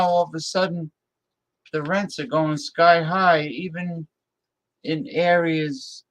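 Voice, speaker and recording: A man hosting a live-stream talk show, ranting bluntly and scornfully as he reacts to his viewers' chat. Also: on the high side.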